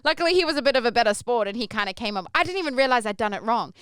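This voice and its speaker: A young woman telling a story casually as a podcast host, animated and acting out the quoted voices. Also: on the high side, very fast, smooth, no room sound, clean studio sound.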